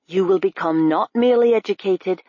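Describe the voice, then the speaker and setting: A woman's voice: mid-range voice, brisk, no echo, highs cut off, lightly acted. A woman reading the part of a blunt, lecturing older constable in an audiobook. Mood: earnest lecturing. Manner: blunt, lecturing, sneering at times. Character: gruff older male Scottish constable, blunt teacher. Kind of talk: audiobook character voice.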